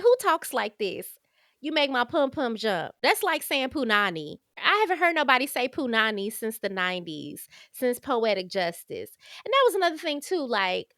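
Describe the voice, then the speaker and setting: Chatty woman podcast host, bright voice. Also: fairly high pitch, no room sound, clean studio sound. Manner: chatty, candid, addresses listeners as y'all. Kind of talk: casual book review chat.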